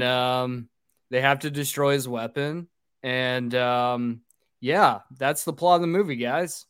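A man's voice: mid-range voice, clear, resonant tone, dry recording, clean studio sound. A man hosting a casual podcast, recapping a film's plot in a loose, rambling way with fillers and swearing. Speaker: podcast host recapping a film.

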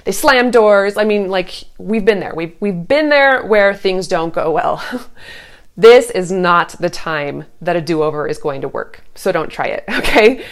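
A woman's voice: fairly low pitch, animated, unhurried. A woman in her thirties giving casual parenting advice, earnest and reassuring, now and then putting on a sweet sing-song voice when she acts out what a parent might say. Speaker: parenting coach.

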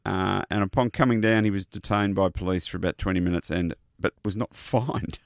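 A man's voice: low-pitched, steady tone, brisk, gravelly, dry recording, clean studio sound. A man, a co-host, telling news stories in a chatty, joking way. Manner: chatty storyteller, jokey asides. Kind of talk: casual chat.

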